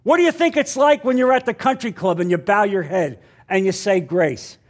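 A man's voice: high-pitched, animated, normal speed. A man preaching a sermon in an emphatic way, repeating lines and putting questions to his listeners. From New Jersey.

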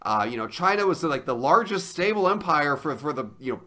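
A man's voice: a little high, big pitch swings, brisk, bright, forceful tone. A young adult man co-hosting a comedic debate, lecturing earnestly and with enthusiasm. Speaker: podcast co-host.

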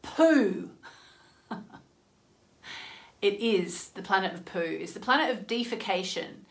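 A woman's voice: medium pitch, unhurried, fairly bright tone. A woman chatting earnestly into her phone as the host of an astrology livestream, with many "you know" asides. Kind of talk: casual livestream chat.

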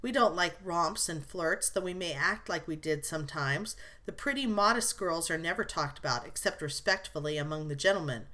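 A woman reading the lines of a teasing, gallant young gentleman in a superior tone, in an audiobook. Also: on the low side, moderate pace, hardly any pauses. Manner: superior, playfully mocking tone.

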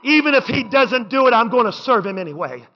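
A man with a very high voice preaches to a congregation, driving his points home with repeated phrases and climbing to shouts. His voice rings through a big church hall with a long tail of reverb. The sound is muffled and lo-fi. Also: lively intonation, a little fast. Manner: rhythmic preaching with repetition, building to shouts. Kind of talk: sermon. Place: church sanctuary.

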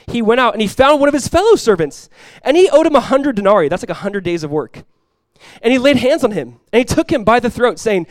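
A male pastor preaching a sermon, acting out the people in his Bible stories and swinging between loud emphasis and hushed lines. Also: high-pitched, dry recording.

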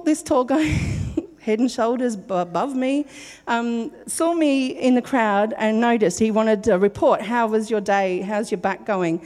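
A woman giving a joyful, giggly testimony in church and telling her story with animated energy. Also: on the high side. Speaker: church member sharing a testimony. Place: church hall. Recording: long reverb of a hall.

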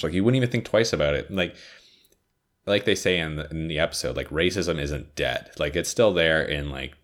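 A man's voice: low voice, a little fast, a bit bright. A tired, sniffly man chatting casually about TV shows, rambling with lots of filler words and frequent swearing. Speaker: podcaster reviewing TV shows.

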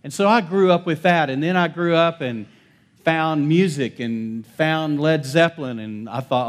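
A man preaching a sermon as pastor. He calls for responses from the congregation, and his delivery swings between loud declarations and soft, hushed lines. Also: on the high side, unhurried. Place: church service.

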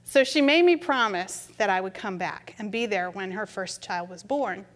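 A middle-aged woman preacher telling a story in a gentle, conversational sermon. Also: medium pitch, expressive, moderate pace. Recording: reverberant hall.

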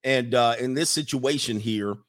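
Taking viewer questions on his streaming podcast, a man talks casually in a mid-range voice at normal speed. He stays animated, laughing frequently and restating points to drive them home.

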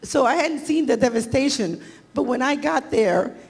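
A woman with a husky voice giving an emotional church testimony, close to tears. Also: high-pitched, animated, normal speed, darkish tone, long reverb tail. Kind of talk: personal testimony.

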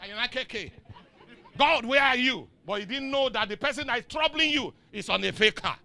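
A middle-aged man with a Nigerian accent preaching a sermon in call-and-response style. He swings from soft asides to shouts and chuckles often. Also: very high voice, expressive, fairly quick, creaky. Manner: chuckles often mid-sentence. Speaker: pastor.

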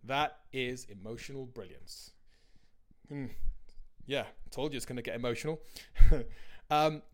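A man's voice: medium pitch, measured pace. A man who is a dad, reading his own blog post aloud in a candid, conversational way.

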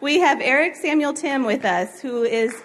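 A woman's voice: high voice, normal speed, noisy background. A woman introducing the chapel speaker, reading his background with fillers. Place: college chapel.

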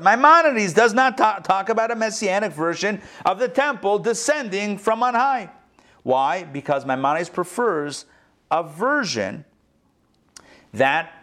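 Rabbi, male, fairly high voice; lively teacher who keeps quizzing his class. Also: a little slow. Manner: animated, rhetorical questions to the class. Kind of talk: interactive lesson.

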